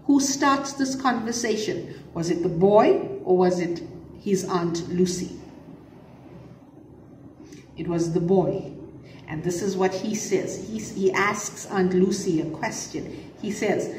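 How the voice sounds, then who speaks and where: A woman teaching an English lesson, slowly explaining a test dialogue and acting out its lines. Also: lowish voice, a little mellow, a little hiss or hum. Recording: echoey room, from a distance.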